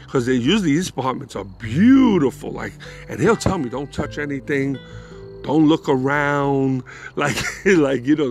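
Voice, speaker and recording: A man telling a rambling, profane personal anecdote in a casual, animated way. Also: medium pitch, gravelly. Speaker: storyteller.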